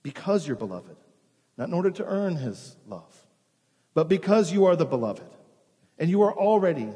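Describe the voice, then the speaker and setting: A male pastor preaching a sermon, earnest, often dropping to a hushed, slow emphasis. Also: a little high, very animated, husky, in a large hall.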